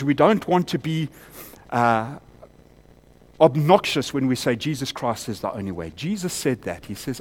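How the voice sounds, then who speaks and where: A man preaching a sermon in a church, climbing to loud emphatic peaks and then dropping to quiet, close appeals. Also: mid-range voice, lively intonation, normal speed.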